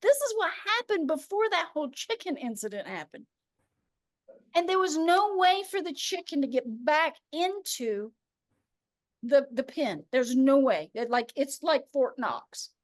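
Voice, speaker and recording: A woman hosting a casual spiritual chat, telling stories in an animated way and acting out the voices of people she quotes. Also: high voice, measured pace, no room sound, studio quality. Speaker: host.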